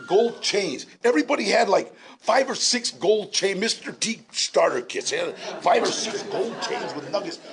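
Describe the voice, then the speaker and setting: A man in his sixties telling his story at a recovery meeting, animated and laughing, with shouted bursts. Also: sits high, moderate pace, vocal fry, a faint crowd, a little hiss or hum. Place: large indoor meeting room.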